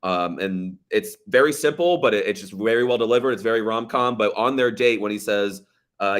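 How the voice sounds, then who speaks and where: A man in his thirties co-hosting a casual movie review chat, wry and quick, now and then quoting lines in mock voices. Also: on the low side, fairly bright tone. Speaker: podcast co-host.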